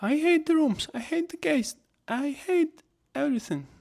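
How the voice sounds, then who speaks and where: A man voicing a worn-out male hotel cleaner in a shrill, whining tantrum, told as a podcast story. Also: expressive, moderate pace, vocal fry, a little mellow, full character voice. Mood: anguished.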